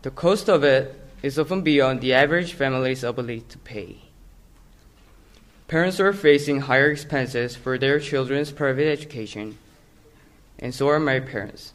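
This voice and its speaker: A man's voice: medium pitch, moderate pace. A young man with a Korean accent, a native Korean speaker, carefully reading his own essay aloud.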